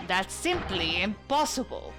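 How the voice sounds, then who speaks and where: A woman's voice: mid-range voice, sing-song, measured pace, voice pushed down. A woman voicing a scornful, haughty male prosecutor in a courtroom video game. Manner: sneering, haughty. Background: game music.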